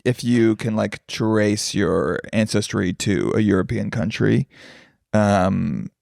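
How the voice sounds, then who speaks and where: Male podcast host, teasing and quick to jump in, gravelly fry, dry close sound. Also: fairly low pitch, a little mellow, no echo. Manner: teasing, quick interjecting questions. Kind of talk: casual podcast chat.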